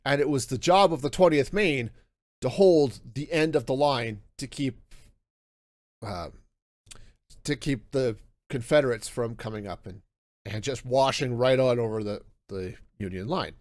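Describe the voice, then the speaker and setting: A man hosting a podcast, talking through a book review in a casual, animated way, often restarting his sentences. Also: medium pitch, unhurried, dry recording. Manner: animated, self-interrupting with restarts and laughs. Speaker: podcast host.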